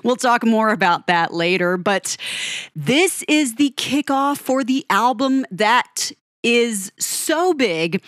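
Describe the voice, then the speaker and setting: A woman's voice: on the high side, lively intonation, slow pace, no room sound, studio quality. A woman hosting a music show, telling a band's story in a dramatic second-person style and then chatting casually with listeners. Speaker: music podcast host. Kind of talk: storytelling commentary.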